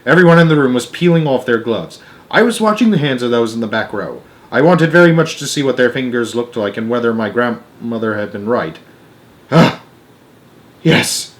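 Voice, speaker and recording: Expressive young man reading aloud. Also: mid-range voice, normal speed. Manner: expressive, with small slips and restarts. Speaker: storyteller. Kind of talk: reading a children's book aloud.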